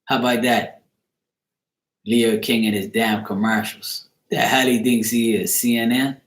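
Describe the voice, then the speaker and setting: A man's voice: mid-range voice, flat delivery, measured pace. Male channel host, loose rambling banter with a joking, cussing edge, in a roomy echo. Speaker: card reader and channel host. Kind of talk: casual livestream chat.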